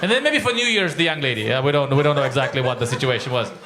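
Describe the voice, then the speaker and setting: A man's voice: medium pitch, animated, racing. A Romanian man doing playful, teasing crowd work as a stand-up comedian in a live club. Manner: playful, teasing, puts on silly voices. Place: comedy club stage in New York. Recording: echoey club with loud background noise.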